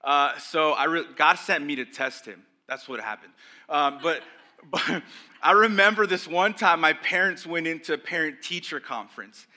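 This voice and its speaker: A young adult man preaching a sermon as pastor, casual and conversational, with lots of "like" and quick asides to the congregation. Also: on the high side. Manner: conversational, animated, acts out voices of religious leaders.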